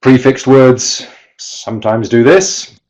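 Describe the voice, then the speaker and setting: Male teacher trainer, mid-pitched, explanatory webinar delivery; dull, lo-fi online sound. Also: expressive, takes it slowly, darkish tone. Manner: explanatory, demonstrates rhythm by chanting. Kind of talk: webinar presentation.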